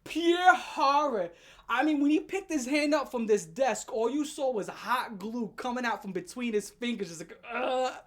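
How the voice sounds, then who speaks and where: A woman telling a storytime rant as a vlogger, animated and profane, breaking into loud laughing shouts. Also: on the high side, normal speed.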